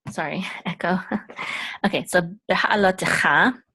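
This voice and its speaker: A woman teaching a Hebrew reading lesson step by step, patient and halting, with frequent ums and self-corrections. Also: on the low side, sharp tone, slightly rough.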